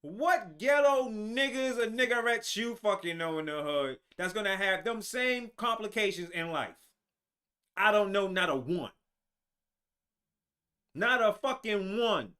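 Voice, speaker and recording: A man's voice: high voice, expressive, unhurried, bright, forceful tone. A man hosting his own show, delivering heated, profane political commentary with frequent restarts. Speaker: show host.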